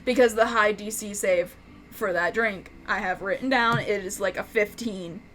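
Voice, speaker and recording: A woman's voice: medium pitch, normal speed, a bit bright, soft background music. A woman telling an unscripted tabletop game story, rambling, swearing and laughing. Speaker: YouTube storyteller, game master.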